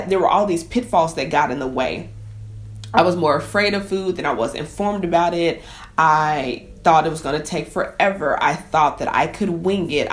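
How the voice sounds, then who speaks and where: Woman, chef, deep voice, heartfelt conversational storytelling. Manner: emotional, conversational, addresses viewers as y'all. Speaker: chef and cooking teacher. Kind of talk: personal story to camera.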